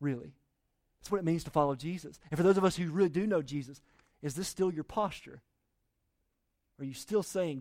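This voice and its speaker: High-voiced preaching man, dry sound. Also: brisk, pauses often, no room sound. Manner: conversational preaching with rhetorical questions, swinging loud and soft. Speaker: pastor. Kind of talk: sermon.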